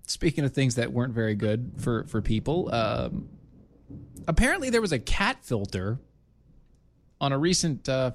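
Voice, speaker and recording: A man's voice: medium pitch, slight background noise. A man hosting a casual chat show, playfully teasing and interrupting his co-host. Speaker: podcast host.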